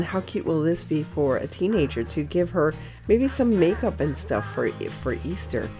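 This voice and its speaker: A cheerful woman narrates a crafting tutorial at her table in a slightly low voice. She talks in a chatty, gushing way and trails into small fillers. Soft music plays faintly behind her. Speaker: crafting channel host.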